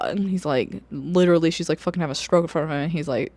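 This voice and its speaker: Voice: mid-range voice, fast talker, hardly any pauses, darkish tone, dry recording. A book vlogger in casual review chat, talking loosely with lots of fillers, swearing and bursts of laughter. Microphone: camera or phone on a wobbly stand.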